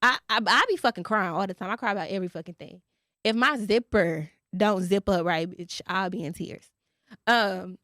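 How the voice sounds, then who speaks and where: A woman's voice: medium pitch, moderate pace, bright, forceful tone, dry recording, studio quality. A young woman hosting a podcast, talking candidly and profanely in casual chat, with a lot of emotional storytelling. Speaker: podcast host.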